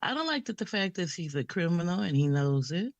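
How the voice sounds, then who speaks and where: A woman, arguing heatedly on a call-in show, talking over the host and getting higher when pressed. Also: very animated, a little fast, no room sound, highs cut off. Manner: talks over the host, defensive, rising pitch when pressed. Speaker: caller.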